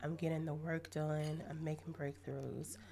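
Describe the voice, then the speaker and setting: A woman's voice: low voice, flat delivery, measured pace, gravelly, very noisy. A woman voicing a young man in a life-sim game, an earnest boyfriend gushing about his progress in therapy.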